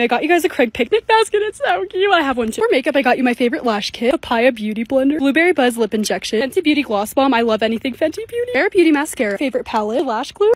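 A woman's voice: sits high, darkish tone. A young woman narrating a vlog in voice-over, bubbly and gushing over cute things. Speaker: content creator.

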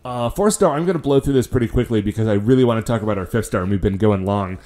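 A man's voice: lowish voice, fast talker, mellow. A man co-hosting a podcast in casual chat, with dry, jokey banter. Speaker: podcast co-host.

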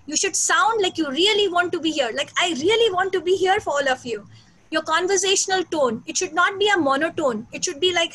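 Bright high-voiced woman lecturing online. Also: rough recording. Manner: fast, energetic, emphatic delivery. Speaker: guest lecturer. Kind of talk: online teacher training talk. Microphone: video call.

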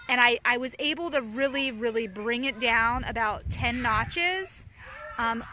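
Thirtysomething mom doing a casual live chat, high voice, chatty and candid, answering viewer comments. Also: female voice, pushed and bright, slight background noise. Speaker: mother hosting a live chat.

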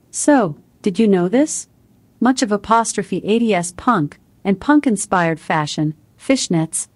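A synthetic woman's voice, a voice assistant making small talk in an evenly cheerful way. She sits at a middle pitch. The sound is close and completely dry, with no room around it. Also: dry recording. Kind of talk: scripted chatbot replies.

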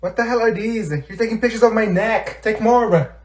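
A man's voice: high voice, moderate pace, reverberant, voice pushed up, natural voice. A man voicing a vain teenage girl who bosses a friend taking her photos, in a comedy skit. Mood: demanding, exasperated. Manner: demanding, exasperated. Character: vain bossy teen girl demanding photos.

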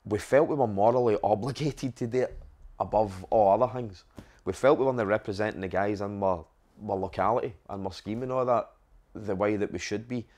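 A man's voice: lowish voice, a little fast, a little mellow. A Glaswegian man in an interview, frank and storytelling. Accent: Glaswegian Scottish. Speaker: rapper.

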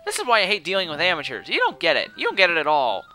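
A man's voice: high voice, huge pitch swings, racing, bright, forceful tone, a little hiss or hum, voice pushed up, exaggerated voice, low-quality recording. A man putting on a bratty, sassy teenage girl. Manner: scolding, boastful, exaggerated.

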